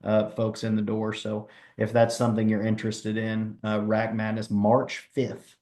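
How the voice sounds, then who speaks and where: A man's voice: lowish voice, completely flat delivery, normal speed, darkish tone. A man, a wildlife department presenter answering viewer questions in a casual, folksy live Q&A. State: has the hiccups.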